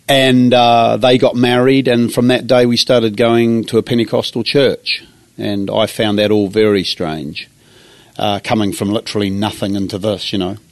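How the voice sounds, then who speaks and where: A man's voice: fairly low pitch, measured pace, dry recording. A man with a New Zealand accent, a pastor telling his life story earnestly in an interview. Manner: earnest, animated when acting out his younger self. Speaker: pastor, guest. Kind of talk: personal storytelling. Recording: dry close sound.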